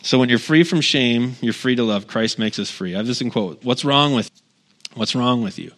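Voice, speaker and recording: Earnest guy preaching in church, mid-pitch voice, repeats stuff for emphasis, chats right at the congregation. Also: normal speed, fairly bright tone. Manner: talks directly to the congregation with asides. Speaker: guest pastor. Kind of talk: conversational sermon.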